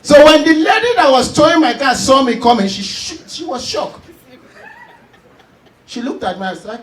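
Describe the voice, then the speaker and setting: Nigerian male stand-up comic, very high pitched, loud and animated, recorded from a distance in a roomy space. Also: moderate pace, long pauses. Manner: animated, loud storytelling with laughs and shouts. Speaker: stand-up comedian. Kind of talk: stand-up comedy.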